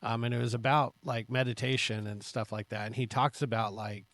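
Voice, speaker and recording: A man's voice: mid-range voice, level tone, brisk, fairly bright tone. A man co-hosting a casual podcast, joking around and moving on to the next question. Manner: joking, moves the show along with questions. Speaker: podcast co-host. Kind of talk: casual chat.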